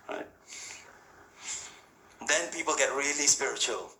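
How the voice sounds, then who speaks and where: A spiritual speaker addresses a live audience in a hall, his medium-pitched voice expressive, bright, and forceful at a normal pace with frequent pauses. His talk is casual and rhetorical, full of questions and "yeah?" and "right?" check-ins. The echoey room carries faint ambience and slight background noise.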